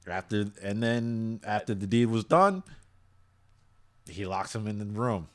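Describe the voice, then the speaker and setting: On a relaxed podcast where the hosts review anime, this co-host speaks on the low side and a little slowly. His episode recaps are full of laughter, stammers and false starts.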